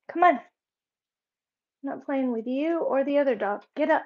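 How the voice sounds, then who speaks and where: This casual home vlog features a woman with a high voice talking at normal speed, captured by a camera in the room. Between comments to viewers she firmly repeats commands to her dogs, and the audio is muffled.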